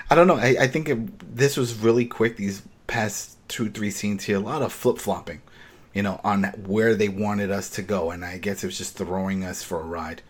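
A man with a husky, low-set voice hosts a casual chat, walking through a TV episode scene by scene. He retells it with animation and slips into the characters' lines as he goes. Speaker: podcast host.

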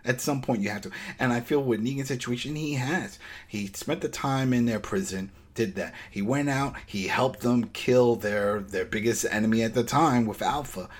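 Man, husky voice, casual recap chat, animated retelling. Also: mid-range voice, moderate pace, few pauses. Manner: animated retelling, acts out quotes.

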